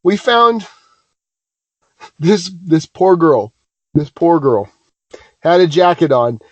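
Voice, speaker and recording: A man's voice: fairly high pitch, slow pace, dry recording. A man co-hosting a podcast, telling rambling, self-deprecating stories in casual chat. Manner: animated, self-deprecating, many restarts. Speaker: podcast co-host.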